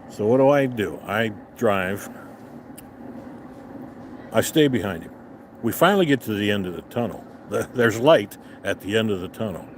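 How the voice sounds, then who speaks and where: An older man tells a road story outdoors in an angry, profane rant, swearing with nearly every line. His pitch swings widely as he goes. A faint outdoor ambience sits behind him. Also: a little mellow, a little hiss or hum. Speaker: vlogger. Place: outdoors on a restaurant patio.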